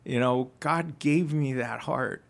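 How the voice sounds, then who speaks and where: A man's voice: mid-range voice, slow, gravelly. A man earnestly recounting his personal testimony in casual conversation, reflective and full of restarts. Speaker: ministry founder, podcast guest.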